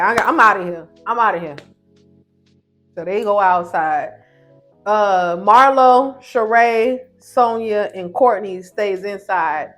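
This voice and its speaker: A woman reviewer giving a casual, opinionated recap of a reality show in slangy, animated speech. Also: mid-range voice.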